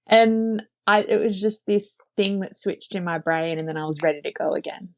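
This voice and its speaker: Gravelly low-voiced woman storyteller. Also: a little fast, darkish tone, slight background noise. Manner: chatty, frequent "like" fillers, earnest. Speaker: podcast guest sharing her birth story. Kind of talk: casual personal storytelling.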